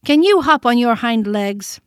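A woman's voice: a little high, lively intonation, unhurried, smooth, no room sound, clean studio sound, voice pushed up. A woman voicing a bold, boastful wild male rabbit in a storybook reading, with a teasing manner.

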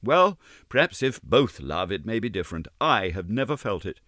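A man's voice: on the low side, big pitch swings, moderate pace, a bit bright, dry recording, clean studio sound. A male audiobook reader voicing a proud, poised young woman who speaks in a cool, reproving, lightly playful way. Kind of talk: audiobook character reading.

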